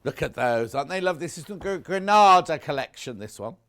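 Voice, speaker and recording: Male home-shopping presenter: chatty, effusive, animated delivery. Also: on the high side, fast talker. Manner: chatty, gushing, self-correcting. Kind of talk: live TV sales pitch.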